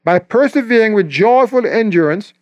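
A man delivers a sermon in an emphatic, animated way, breaking into quick character voices for the people he quotes. His voice sits high for a man. The sound is dry and close, with no room around it. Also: dry recording, highs cut off. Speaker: preacher.

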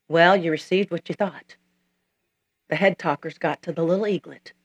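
A woman's voice: fairly low pitch, fairly even intonation, moderate pace. A woman preacher delivering a sermon, emphatic and repetitive as she tells stories.

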